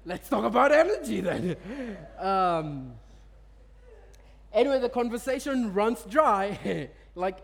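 A man's voice: sits high, lively intonation, slow pace, creaky, pauses often, slightly rough. A man preaching a sermon and telling personal stories. He chuckles often and repeats words as he tells them. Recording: long reverb of a large hall.

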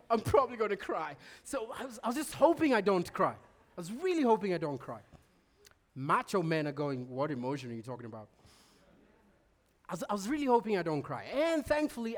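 A man giving a sermon, telling stories with lively restarts and laughter. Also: sits high. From Kenya. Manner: animated storytelling, stammered restarts, bursts of laughter. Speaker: preacher.

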